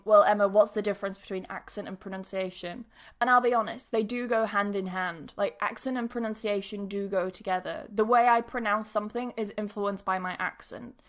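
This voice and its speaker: A woman's voice: mid-range voice, a bit bright. A woman English pronunciation teacher hosting a podcast, talking in a casual, chatty way with laughs and asides. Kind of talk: casual solo podcast monologue.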